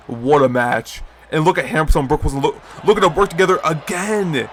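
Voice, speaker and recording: A young man doing excited play-by-play commentary on a video game wrestling league, breaking into high shouts at big moves and chatting to viewers in between. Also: fairly quick, hardly any pauses, a little hiss or hum.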